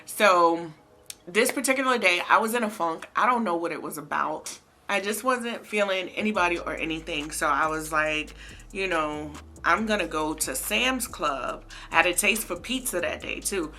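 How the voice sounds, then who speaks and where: A young woman vlogger telling a casual storytime, animated and slangy, talking straight to her viewers. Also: fairly low pitch, normal speed, a little hiss or hum. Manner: animated, slangy, addresses viewers as baby and girl.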